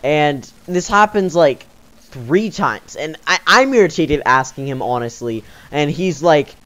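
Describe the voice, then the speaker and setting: A man's voice: a little high, expressive, measured pace, a bit bright. A young man telling a story in a casual vlog, rambling with many fillers and sounding exasperated. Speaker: YouTuber.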